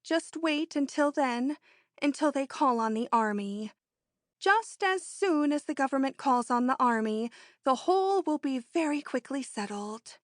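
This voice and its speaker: A woman reading an audiobook, voicing a bold, excitable rich young woman in an eager, emphatic way. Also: moderate pace, dry recording, studio quality. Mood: confident. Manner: eager, emphatic, high-strung.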